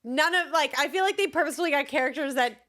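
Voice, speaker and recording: A young woman chats eagerly as a podcast co-host. Her voice sits a little high, and she rambles through her thoughts with plenty of filler words. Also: quick pace, bright, forceful tone. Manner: chatty and enthusiastic, many fillers. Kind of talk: casual chat.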